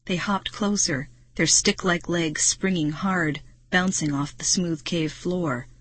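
Husky woman narrating a children's audiobook. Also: lowish voice, fairly even intonation, fairly bright tone, dry recording. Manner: brisk, dramatic storytelling. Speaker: audiobook reader.

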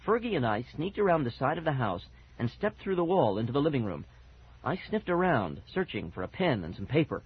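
A man narrating a first-person children's story with lively, animated expression. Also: mid-range voice, brisk, slightly rough. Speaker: audiobook narrator. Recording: dull lo-fi audiobook recording.

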